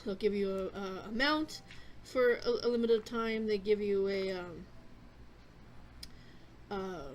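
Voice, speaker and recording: A woman's voice: mid-range voice, slow pace, long pauses, a little hiss or hum. A young adult woman hosting a gaming vlog, chatting casually in a rambling way with many fillers and restarts. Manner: chewing a cough drop. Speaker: gaming channel host.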